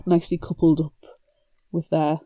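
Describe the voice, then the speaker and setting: Dark-toned woman in lively book chat. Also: sits low, normal speed, no echo. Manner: animated, laughs often, breaks into quoted voices. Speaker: podcast co-host. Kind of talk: casual book-discussion chat.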